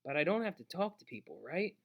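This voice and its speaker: A man reading aloud, voicing a shy grown man who speaks quietly and reluctantly. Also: a little high, big pitch swings, quick pace, vocal fry, dull audio, pitched above the performer's own voice, full character voice. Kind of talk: audiobook read-aloud.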